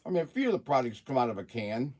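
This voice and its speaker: A man's voice: medium pitch, big pitch swings, racing, darkish tone. A man hosting a casual livestream, chatting with viewers while eating and talking with his mouth full. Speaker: livestream host.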